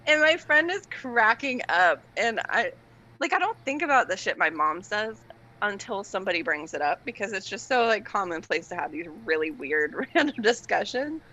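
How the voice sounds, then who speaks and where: Young woman guest, bright tone, animated storyteller acting out quotes. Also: medium pitch, moderate pace, rough recording. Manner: animated storyteller, laughs often, acts out quotes. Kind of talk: casual chat.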